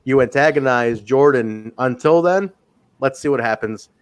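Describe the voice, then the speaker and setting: A man's voice: medium pitch, moderate pace, clear, resonant tone. A man hosting a wrestling podcast, chatting casually, swearing now and then and reading viewer comments aloud. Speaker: podcast host.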